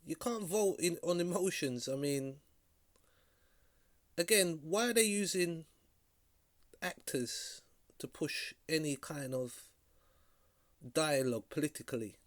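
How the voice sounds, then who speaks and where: Slow, halting man giving critical commentary. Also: fairly high pitch, animated, dry recording. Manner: critical, halting, repeats words. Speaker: vlog host reacting to a clip. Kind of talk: casual reaction commentary.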